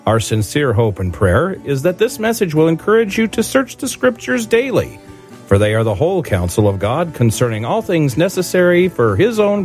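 A man reading a formal scripted introduction to a church's sermon program. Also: medium pitch. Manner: formal read-out welcome. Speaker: program announcer.

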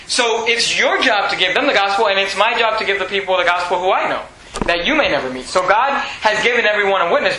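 A man's voice: high voice, pushed and bright, a little hiss or hum. A man preaching a sermon as pastor, emphatic and repetitive, in a church sanctuary. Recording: echoey room.

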